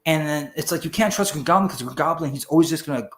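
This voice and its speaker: Quick-paced and a bit high in pitch, a man rambles through a casual chat as a podcast guest. He swears, keeps things animated, and acts out the voices of the people he describes.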